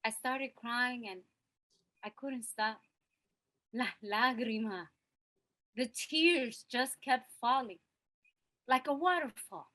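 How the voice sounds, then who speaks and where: Actress playing a young mother, high bright voice, slow, confessional, Spanish words mixed in. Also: rough recording. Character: young working mother, Cristela, holding back tears. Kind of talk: stage monologue acting.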